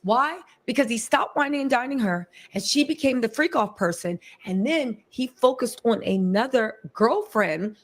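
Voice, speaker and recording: A woman giving casual commentary, animated and chatty, talking straight to her audience. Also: a little high. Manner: animated, talks in quick asides to the audience.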